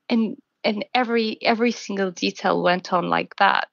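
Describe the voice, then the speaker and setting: A woman telling her own story in an interview, soft and halting, often restarting her sentences. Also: medium pitch, gravelly, no echo, dull audio. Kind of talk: personal account in a documentary interview.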